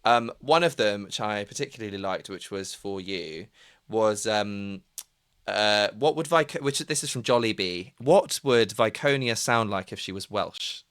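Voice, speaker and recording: A man hosting a casual live chat, giggly and animated. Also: lowish voice, unhurried, smooth, dry recording, studio quality. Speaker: streamer host.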